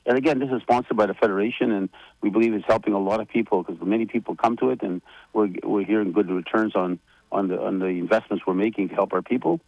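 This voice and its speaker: Gravelly, halting man on the radio. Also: on the low side, fairly even intonation, dry recording, lo-fi sound. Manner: rambling, halting with many fillers and restarts. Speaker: federation leader giving updates on radio. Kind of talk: casual radio chat.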